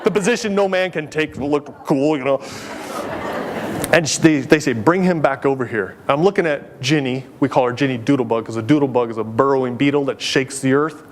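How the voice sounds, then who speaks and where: A middle-aged man giving a keynote speech, telling stories in a lively way and acting out the voices of the people in them. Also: mid-range voice, fairly quick, slight background noise. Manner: animated, acts out quoted voices. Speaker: keynote speaker. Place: conference hall.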